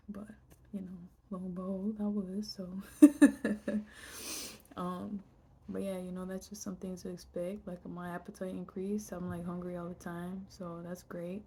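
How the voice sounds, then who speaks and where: A young woman speaks in a low, even voice for her personal vlog, reflective and rambling with plenty of fillers. Her tone is dark and mellow, and at times it drops into a near-whisper. A faint background hiss sits under the recording. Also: normal speed. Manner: reflective, heavy use of fillers, drifts into whispers. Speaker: vlogger.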